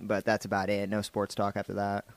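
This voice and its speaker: A man from central Illinois with a high-pitched voice, tired, answering politely and briefly. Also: completely flat delivery, a little fast, no echo. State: tired from an early start. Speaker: board operator.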